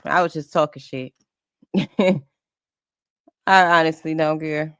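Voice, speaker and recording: A woman's voice: deep voice, steady tone, slow, smooth, no echo, studio quality. A woman streamer giving blunt, profane, offhand commentary while reacting to an interview.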